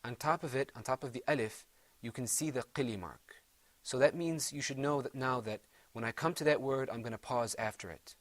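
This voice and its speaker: A man teaching Quran recitation, patiently encouraging his students and trailing off softly after each bit of praise. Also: medium pitch, a little fast, dry recording. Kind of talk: gentle classroom instruction.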